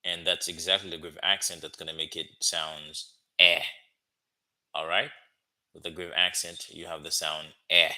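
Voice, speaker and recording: A man teaching a language lesson, drilling phrases slowly with many "okay?" check-ins. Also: deep voice, little pitch movement, sharp tone. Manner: slow, repetitive drilling with frequent "okay?" checks. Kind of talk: classroom-style language lesson.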